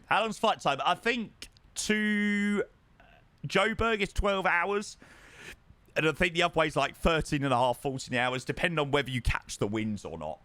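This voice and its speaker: Here the flight-sim streamer speaks in a fairly high, slightly bright voice, recorded dry. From his home setup he keeps things chatty, welcoming viewers and reading out and replying to chat messages.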